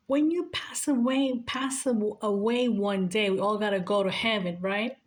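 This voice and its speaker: A nurse in her forties shares life advice in a heartfelt, emotional monologue, earnestly repeating her points for emphasis. Her voice is medium-pitched and unhurried.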